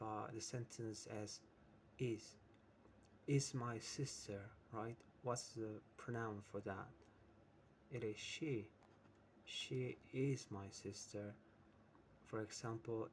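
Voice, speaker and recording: A man with a voice on the low side gives a slow, patient English lesson, explaining through many examples and regularly checking in with "right?". There is slight background noise.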